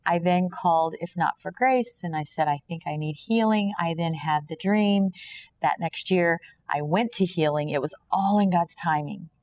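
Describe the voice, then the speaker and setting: A woman's voice: on the low side, moderate pace, darkish tone, a little hiss or hum. A woman from Kansas, a podcast guest, earnestly sharing a personal faith testimony and often acting out imagined dialogue. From Kansas, USA.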